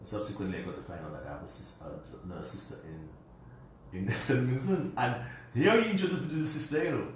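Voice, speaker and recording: A man's voice: medium pitch, expressive, fast talker, slight background noise. A man from Dominica, a guest on a radio show, telling a personal family story in a meandering, colloquial way. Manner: puts on his father's voice when quoting him. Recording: very roomy recording from a distance.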